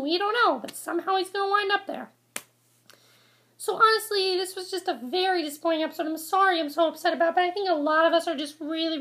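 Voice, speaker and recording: Very high, bright exasperated woman ranting. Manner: exasperated, repetitive, rambling. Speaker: vlogger reviewing a TV episode. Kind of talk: casual ranting review to camera.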